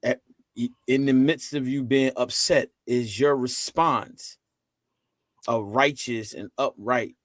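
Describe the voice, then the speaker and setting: A man co-hosting a casual faith talk show, asking probing questions with halting restarts. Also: medium pitch, fairly even intonation, no echo, clean studio sound. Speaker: co-host.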